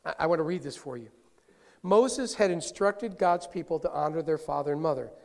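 A male pastor preaching a sermon in a lively, conversational way, often questioning his listeners. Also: a little high, brisk, gravelly, big-room sound.

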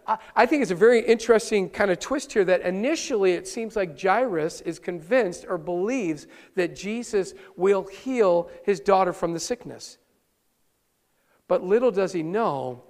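A male pastor preaching a sermon live, earnest and animated, often restarting his words. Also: high voice, moderate pace, big-room sound. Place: church sanctuary, live-streamed service.

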